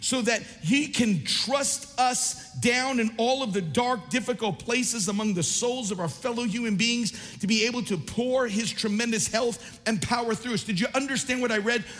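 A man preaching a sermon as pastor, impassioned and rising to shouts at times, then reading scripture more quietly. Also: very high-pitched, normal speed, hardly any pauses, in a large hall, faint music behind.

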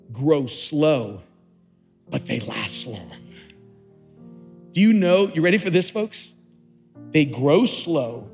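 A man preaching a sermon as pastor, moving between hushed, slow passages and loud, rising emphasis. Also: a little high.

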